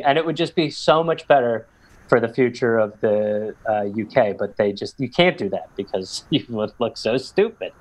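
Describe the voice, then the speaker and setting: A man's voice: medium pitch, animated, normal speed, muffled recording. Rambling, jokey male comedy guest. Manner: rambling, jokey, slips into silly voices. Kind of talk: casual comedic chat.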